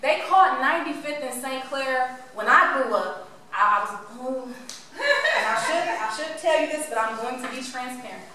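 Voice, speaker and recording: High, bright woman speaking to a crowd. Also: normal speed, a little hiss or hum. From Cleveland, Ohio. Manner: animated, playful, engages the audience with questions. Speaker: motivational speaker. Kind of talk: storytelling talk to a live audience. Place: room with an audience. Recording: echoey room from far off.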